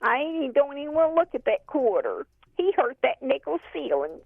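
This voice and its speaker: A woman's voice: high-pitched, very animated, a little fast, gravelly, phone-quality sound. A woman chatting casually on a live show, folksy, telling corny jokes. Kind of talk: casual chat.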